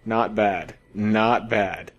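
A man co-hosting a casual podcast chat, laughing often and building absurd scenarios with lively storytelling. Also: lowish voice, drawn-out words, breathy edge, muffled recording. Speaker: podcast co-host.

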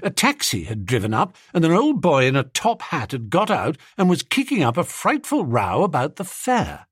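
A man reading a comic novel in the first person, in a jaunty, animated storytelling manner. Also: on the high side, normal speed, slightly rough, dry recording, clean studio sound. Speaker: audiobook narrator.

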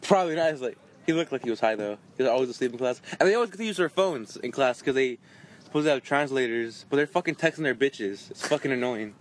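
A man's voice: medium pitch, expressive, quick pace, a little hiss or hum. A man co-hosting a casual podcast, telling laid-back anecdotes with casual swearing. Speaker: podcast co-host. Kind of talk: casual chat.

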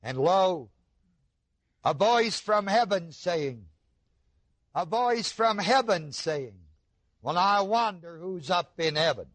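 A man delivers a sermon in a fairly high voice, taking his time and leaning hard on key words. He pauses to ask his listeners rhetorical questions. The recording is dry, with almost no room sound. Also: animated, a bit bright, no room sound. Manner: slow, emphatic preaching with rhetorical questions to the audience. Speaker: preacher.

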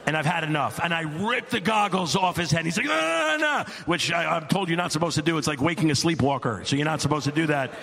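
A middle-aged man telling a stand-up story as an exasperated dad, animated and climbing to near-shouts. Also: fairly high pitch, quick pace, few pauses. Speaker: stand-up comedian.

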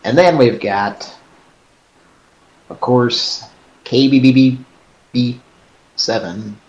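A man's voice: mid-range voice, slow pace, a little mellow, muffled recording. A man hosting a live stream in casual chat, rambling and hesitant with self-mocking humor.

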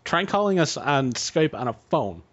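A man's voice: a little high, sing-song, normal speed, fairly bright tone, dry recording, dull audio. A man co-hosting a podcast in casual chat over an internet call, joking and wry. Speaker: podcast co-host.

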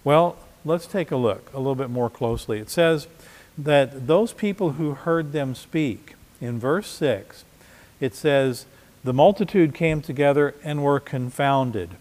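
A man's voice: medium pitch, a little slow, darkish tone, big-room sound. A man preaching a sermon as pastor, conversational, with frequent restarts and repeated words. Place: church.

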